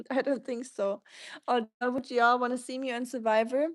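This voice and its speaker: A German woman with a German accent hosts a casual livestream, chattily reading out viewer comments and answering them in a rambling way. Her voice is a little high, with fairly even intonation and a moderate pace, recorded dry.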